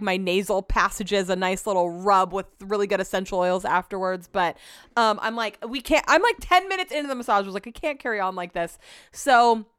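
A woman talks through a personal story on her solo podcast, rambling and emotional as she quotes both sides of a conversation. Her voice is smooth and clear, recorded close and dry with no room sound. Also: mid-range voice, a bit bright, no echo. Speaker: podcast host.

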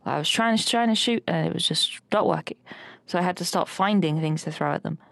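A woman's voice: on the low side, fairly quick, vocal fry, a bit bright, no echo. A woman co-hosting a podcast, telling a rambling dream story with lots of fillers and laughter. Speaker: podcast co-host recounting a dream. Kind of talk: casual chat.

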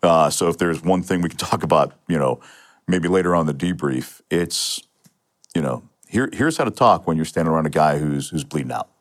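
Low-voiced middle-aged man recounting his story. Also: animated, brisk. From Pennsylvania. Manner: matter-of-fact storytelling with frequent restarts and fillers. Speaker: interview guest, retired police sergeant. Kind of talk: telling a personal story in a podcast interview.

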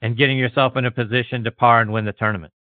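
A man's voice: mid-range voice, steady tone, racing, no echo. A man hosts a golf interview and asks eager, leading questions in a mid-range voice. The sound is dry and thin, like a phone line. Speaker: podcast host.

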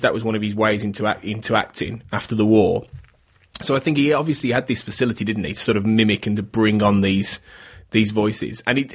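Husky man in casual podcast chat. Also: lowish voice. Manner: chatty, stumbling restarts. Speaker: podcast co-host. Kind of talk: casual discussion.

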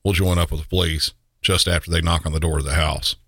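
A man's voice: low voice, fairly even intonation, fast talker, fairly bright tone, slightly rough, dry recording. A man narrating police incidents with dry, wry asides. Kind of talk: scripted narration.

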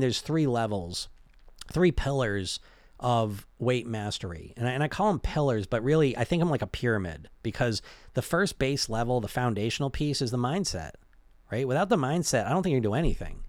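A man's voice: mid-range voice, sing-song, brisk, a little mellow, no echo. A man giving a casual motivational talk as a weight-loss coach, conversational, restarting and repeating words as he goes. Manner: conversational, keeps asking "right?" and "you know?".

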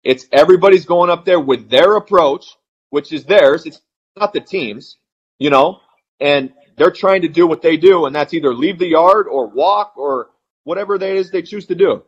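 A man in his forties, a retired ballplayer, telling blunt and animated stories as a podcast guest. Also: a little high, slightly rough, dull audio. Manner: blunt, animated, fast-flowing anecdotes. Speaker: retired baseball player, guest. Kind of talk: podcast interview storytelling.

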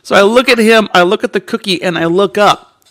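A man's voice: high-pitched, fairly quick, no room sound. A man in casual chat, telling a funny story with lots of laughter. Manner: animated storyteller who laughs often.

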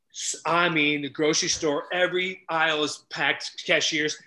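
A middle-aged man telling stories loudly on a podcast, acting out each character's lines as a relationship coach. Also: on the high side, moderate pace, hardly any pauses, slight background noise. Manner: animated, loud, acts out dialogue. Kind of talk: energetic storytelling in casual chat.

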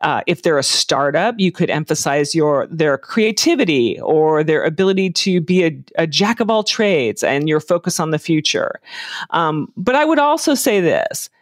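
A woman answering interview questions about job hunting in a measured, advising way, with frequent ums and uhs. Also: sits low, big pitch swings, dry recording, studio quality. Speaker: career and hiring advice guest.

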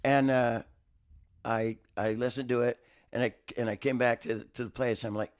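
A man's voice: medium pitch, steady tone, moderate pace, clean tone. Older guy rambling through a story, keeps restarting, pokes fun at himself. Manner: rambling, self-mocking, many restarts. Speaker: guest musician. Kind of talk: casual interview storytelling. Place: studio.

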